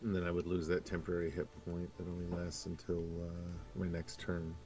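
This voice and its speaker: A man's voice: deep voice, monotone, brisk, over music. A man playing in a tabletop game, speaking in stiff, formal phrases. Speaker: player.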